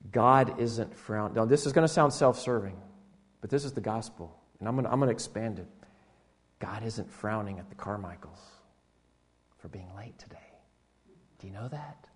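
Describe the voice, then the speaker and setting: A man preaching a sermon in a church, often restarting and repeating words, who swings between loud animated stretches and hushed near-quiet lines. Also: lowish voice. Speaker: pastor.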